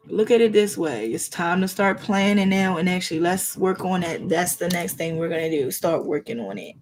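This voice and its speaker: A woman, giving earnest, colloquial advice during a live tarot reading and acting out little scenes. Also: fairly low pitch. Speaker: tarot reader.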